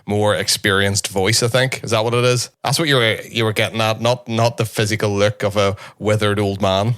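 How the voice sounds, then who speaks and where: A man's voice: on the low side, steady tone, a little fast, a bit bright, clean tone, no echo, clean studio sound. An Irish man in his late thirties co-hosting a podcast, teasing his guests in a casual way and laughing often. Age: 30s. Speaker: podcast co-host.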